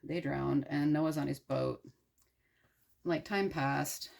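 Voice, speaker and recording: This young American woman's voice sits low and steady, a little mellow with vocal fry, and she takes her time. She's casually retelling a story while crafting, irreverent and profane, rambling with plenty of fillers.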